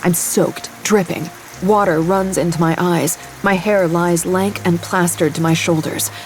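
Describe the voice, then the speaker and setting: A young woman narrating her own story in first person in an audio drama, quiet and haunted, in an inner monologue. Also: fairly low pitch, steady tone, unhurried, faint music behind. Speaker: narrator and lead character.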